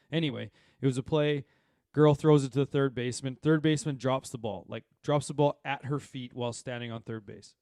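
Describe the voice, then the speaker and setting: A man, co-hosting a podcast and telling animated, rambling stories full of fillers and asides. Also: mid-range voice, normal speed, dry recording, clean studio sound. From Saskatchewan, Canada. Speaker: podcast co-host. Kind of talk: casual chat.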